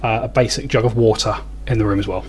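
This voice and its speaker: A man's voice: lowish voice, fairly even intonation, fast. A man narrating a tabletop game as game master, describing scenes in a rambling way.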